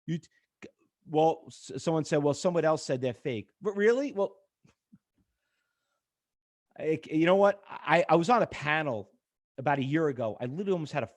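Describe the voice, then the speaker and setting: Middle-aged male trading instructor, high lively voice, animated storyteller who acts out the other side of arguments. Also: normal speed, long pauses. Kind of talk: live trading class with screen demo.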